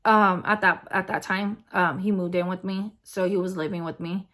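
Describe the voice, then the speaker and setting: A woman's voice: fairly low pitch, fairly even intonation, normal speed, a bit bright. Rambling young woman vlogger telling a story. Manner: rambling, filler-heavy, conversational. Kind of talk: casual personal storytelling.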